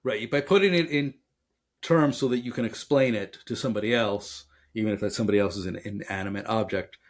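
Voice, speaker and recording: A man co-hosting a casual software podcast who explains by acting out example exchanges and telling jokes. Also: on the low side, a little fast. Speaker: podcast co-host. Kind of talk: casual conversation about software.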